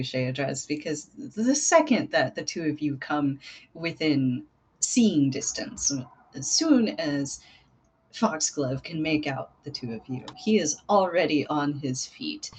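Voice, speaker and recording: A woman's voice: deep voice, a little mellow, slight background noise, poor audio. A woman game master narrating a tabletop role-playing session in a playful manner, often breaking into laughter.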